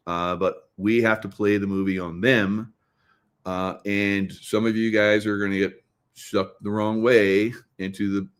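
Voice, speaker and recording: Rambling low-voiced man commentator. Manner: rambling, many fillers and "right?" tags. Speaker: host. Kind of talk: casual political commentary.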